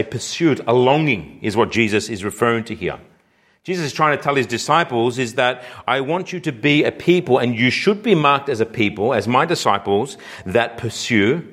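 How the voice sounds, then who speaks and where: A man preaching a sermon, speaking slowly and earnestly, with his voice rising whenever he quotes scripture. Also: a bit bright. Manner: earnest, rising in pitch and intensity when quoting scripture; slow, deliberate phrasing with repeated restarts.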